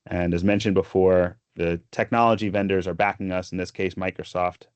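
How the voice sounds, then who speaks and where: A man walking through a software product demo, explaining each step steadily with frequent fillers. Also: low voice, level tone, fairly quick, clean tone, no echo, lo-fi sound.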